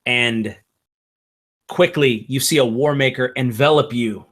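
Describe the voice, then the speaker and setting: A man narrating a tabletop game as game master, in slow, halting narration with fillers. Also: mid-range voice, a bit bright.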